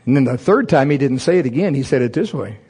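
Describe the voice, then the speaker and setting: A man's voice: fast talker, breathy edge. A man preaching a sermon to a congregation, telling a personal story with humor and laughing through it. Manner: animated, voice jumps high and loud in excited retellings; humorous, laughs through his own stories. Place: church service before a congregation.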